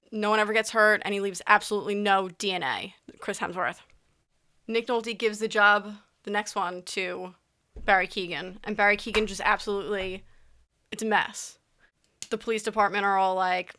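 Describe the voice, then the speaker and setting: Woman, casual vlog chat, rambling, crisp clear tone, bright. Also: mid-range voice. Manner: chatty, rambling, with frequent restarts and asides. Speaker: vlogger.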